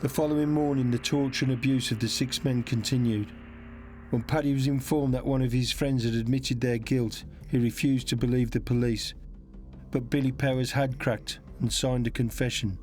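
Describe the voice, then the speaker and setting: A man delivering scripted documentary narration in a measured, factual way. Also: medium pitch, fairly even intonation, a little mellow, soft background music.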